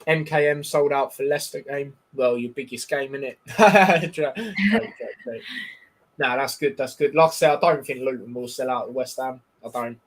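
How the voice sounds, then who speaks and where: A man's voice: medium pitch, steady tone, a little fast, few pauses. A man hosting a live football watchalong, chatting in a rambling, bantering way with lots of fillers and calling the match as it goes. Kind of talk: casual live-stream chat with match commentary.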